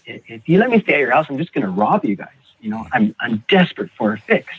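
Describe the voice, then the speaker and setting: A man guest on a recovery podcast, telling his personal story in a halting way, repeating words and acting out what others said. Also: medium pitch, very animated, slightly rough. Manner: halting, repeats words, acts out quoted voices. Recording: tinny phone-like audio.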